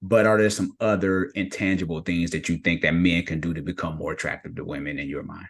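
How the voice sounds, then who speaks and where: A man hosting a podcast, asking questions in a relaxed, conversational way, with some hesitant fillers. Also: deep voice, fairly quick, gravelly, slightly rough. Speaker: podcast host.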